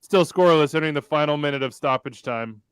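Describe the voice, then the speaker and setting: Brief: male live-stream host, crisp voice, dry close mic, calls the action and reads viewer chat. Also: a little high, quick pace, no room sound. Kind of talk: live watch-along commentary.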